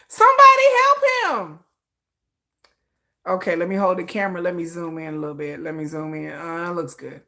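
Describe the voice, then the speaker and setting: A woman's voice: low voice, normal speed, vocal fry, long pauses. A woman hosting a comedic commentary, telling a story with acted-out screams and frequent laughter. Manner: animated storytelling, acts out shouts and screams, laughs often. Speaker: commentary host.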